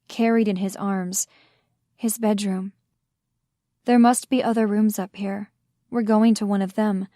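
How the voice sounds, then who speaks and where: A woman narrating a romance audiobook in the first person with measured, intimate storytelling. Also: mid-range voice, mellow, no room sound, studio quality.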